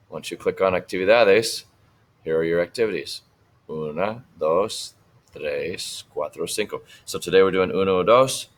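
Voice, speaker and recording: A deep-voiced man teaches Spanish in a relaxed screen-share walkthrough. He explains each step plainly and keeps checking in with a quick "right?".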